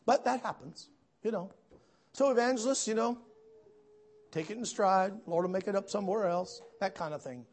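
A man preaching a sermon, telling folksy stories with asides to the congregation and building to loud, emphatic peaks. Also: high-pitched, normal speed, pauses often. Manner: storytelling, swells to shouts at climaxes.

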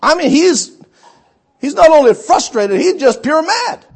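A man preaching a sermon, animated, acting out quoted voices and swinging between shouts and hushed asides. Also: very high-pitched, unhurried.

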